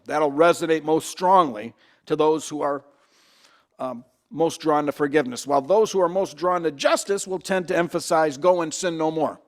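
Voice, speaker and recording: High-voiced male pastor preaching. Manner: conversational, asks the congregation questions; acts out quoted voices. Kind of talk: sermon.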